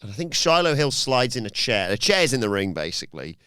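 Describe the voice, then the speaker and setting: Male podcast host, lively swooping pitch, smooth clear voice, dry close sound, casual storytelling with acted quotes. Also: a little fast, dry recording. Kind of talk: casual wrestling review chat.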